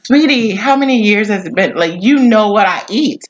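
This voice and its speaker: A woman's voice: mid-range voice, animated, moderate pace, dull audio. A woman co-hosting a podcast with her husband, playfully protesting his teasing and laughing. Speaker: podcast co-host. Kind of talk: joking married-couple chat.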